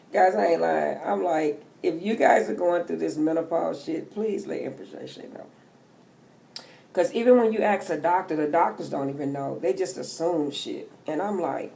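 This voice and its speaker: A middle-aged woman chats casually into her vlog, joking her way through loose, profane talk. Her voice sits low, with a gravelly edge and a mellow, dark tone. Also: moderate pace. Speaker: tarot reader.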